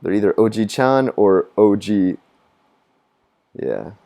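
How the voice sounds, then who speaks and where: A man chatting on a live stream, rambling and profane, with a pitch that swings widely between low mutters and high bursts. He laughs at his own jokes and mocks other people in squeaky voices. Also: sing-song, slow, vocal fry, dark tone. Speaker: gaming streamer. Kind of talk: casual live-stream chat. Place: living in Japan.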